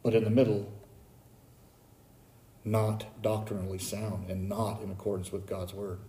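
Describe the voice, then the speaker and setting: A man preaching a sermon as pastor, building from low, quiet warnings to high, urgent calls. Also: flat delivery, measured pace, roomy sound, slight background noise.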